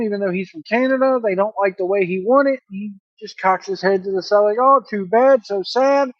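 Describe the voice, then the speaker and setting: Male wrestling reviewer, high voice, blunt and opinionated, dry, dull-sounding home recording. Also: dry recording. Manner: blunt, opinionated, animated play-by-play recap. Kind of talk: casual solo review.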